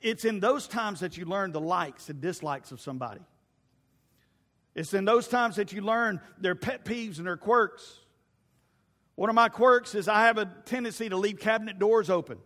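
A middle-aged man preaching a sermon in a church, telling funny stories with loud, animated asides. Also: high voice, moderate pace. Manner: animated, humorous storytelling with shouted asides. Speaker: pastor. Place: church sanctuary. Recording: long hall reverb.

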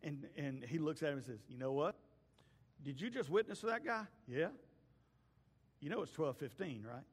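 A man, a pastor giving a folksy, storytelling sermon that swings between loud calls and hushed asides. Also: on the high side, lively intonation, normal speed, long pauses, slightly rough. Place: church sanctuary. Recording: long hall reverb.

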